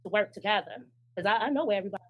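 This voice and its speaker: A woman's voice: medium pitch, very fast, highs cut off. A woman resident earnestly pleading with officials at a town meeting's public comment. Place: meeting hall.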